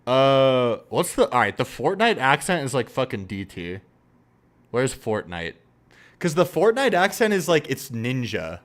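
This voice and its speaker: Young male streamer, lively swooping delivery, casual reactive commentary, quick to laugh and curse. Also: mid-range voice. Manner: animated, laughing, swearing, mocking impressions.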